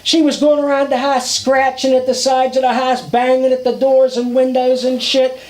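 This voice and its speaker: A man casually telling a ghost story outdoors at a campfire, dramatic and drawn-out, with swearing. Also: extremely high pitch, level tone, a little mellow, roomy sound, poor audio.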